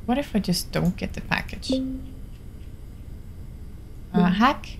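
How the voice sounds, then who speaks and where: A woman's voice: mid-range voice, expressive, slow pace, creaky, pauses often, a little hiss or hum. A young woman from Finland with a Finnish accent, chatting through a horror game stream, jumpy and often dropping to a whisper. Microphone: desktop studio mic.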